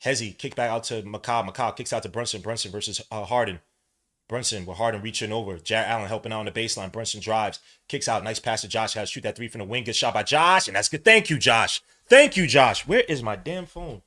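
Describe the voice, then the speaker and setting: Bright-voiced man calling a game live. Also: lowish voice, quick pace. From New York. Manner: excitable, shouts at plays, rambling asides. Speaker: podcast host doing a game watch-along. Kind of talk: casual live play-by-play and chat.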